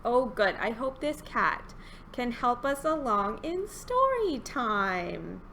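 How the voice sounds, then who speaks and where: Bright, lively woman leading storytime. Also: on the high side, slow pace, creaky, slight background noise. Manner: animated, sing-song, playful, coaxing young listeners. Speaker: children's storytime host. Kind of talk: children's storytime reading and singing.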